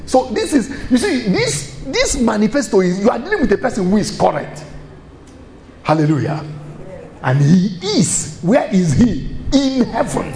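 A man's voice: sits high, big pitch swings, normal speed, gravelly, echoey room, a crowd in the background. A man preaching a sermon, firing rhetorical questions and chuckling as he goes.

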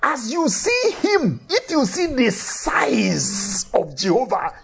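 A man's voice: very high-pitched, huge pitch swings, slow pace, creaky, a bit bright, slight background noise. A man preaching a sermon in an emphatic way, repeating key phrases for effect and telling Bible stories with animation.

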